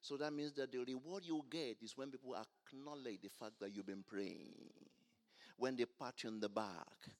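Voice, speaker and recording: A man preaching a sermon, asking the congregation to finish his lines and swinging between quiet explanation and loud exclamations. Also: medium pitch, moderate pace. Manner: call-and-response preaching, rising to loud exclamations. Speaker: pastor.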